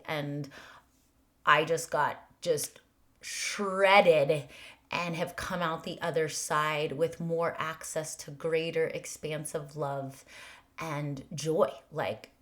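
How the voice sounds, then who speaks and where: Slow, low-voiced woman musing softly. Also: steady tone. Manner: earnest, repetitive rhetorical questions, drops to breathy near-whispers. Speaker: podcast host. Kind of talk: reflective spiritual monologue.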